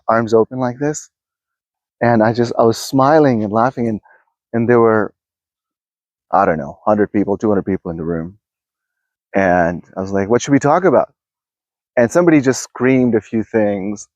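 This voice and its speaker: A man with a low voice rambles casually to his viewers from a backyard, stopping and restarting his thoughts. The sound is dry and somewhat dull, like a lo-fi recording. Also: normal speed, darkish tone, no room sound. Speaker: self-help video host. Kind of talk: casual spoken musing to camera. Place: outdoors in a backyard.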